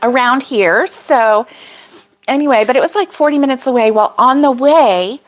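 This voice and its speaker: A woman's voice: high-pitched, animated, normal speed. An older woman hosting a casual crochet livestream, rambling about her week with frequent laughs and reading viewer comments aloud. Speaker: crochet vlog host.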